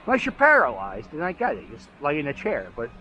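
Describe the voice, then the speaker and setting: Guy filming his dog walk, bright animated voice, rambling jokey commentary outdoors. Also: on the high side, fast, a little hiss or hum. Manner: chatty, rambling and joking. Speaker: vlog host walking his dog. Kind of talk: casual walking commentary. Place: outdoors on city streets.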